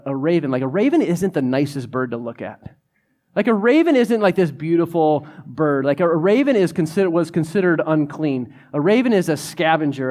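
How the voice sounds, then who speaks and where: High-voiced man preaching casually. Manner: conversational, animated, many "like" fillers. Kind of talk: sermon.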